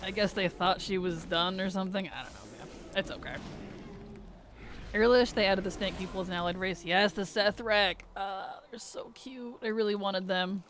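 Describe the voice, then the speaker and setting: A woman streaming a game, chatting casually with viewers, chatty and giggly with animated rants. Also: medium pitch, moderate pace, slight background noise. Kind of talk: casual gameplay chat with viewers.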